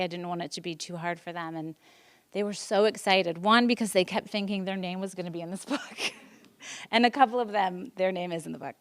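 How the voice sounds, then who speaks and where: A woman's voice: mid-range voice, clean tone. A woman in her forties, a teacher, giving an emotional personal presentation at a school board meeting, earnest, with many ums and restarts. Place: public meeting room.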